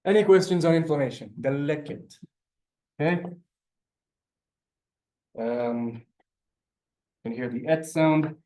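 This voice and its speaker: A man's voice: on the high side, takes it slowly, pauses often, dark tone. Patient man teaching a class. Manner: patient, step-by-step explaining, often checking in with the class. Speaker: Hebrew teacher. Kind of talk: classroom lesson.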